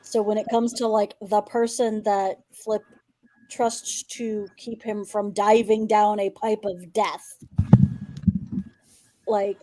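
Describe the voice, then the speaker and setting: A woman's voice: medium pitch, little pitch movement, slow pace, pauses often, warm tone, poor audio. A woman player in a tabletop game, talking at length through her character's reasoning in casual chat.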